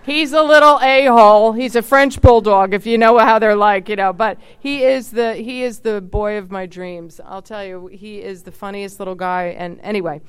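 A woman in her fifties telling personal stories in a chatty, expressive way. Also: medium pitch, moderate pace, hardly any pauses, clean tone. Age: 50s. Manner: chatty, expressive, many fillers and asides. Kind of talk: casual personal storytelling.

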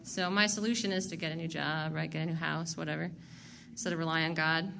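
A woman's voice: deep voice, level tone, fast, gravelly, a bit bright, slight background noise. A woman candidly sharing her recovery story to a group, blunt and profane and laughing at herself. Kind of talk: candid personal testimony.

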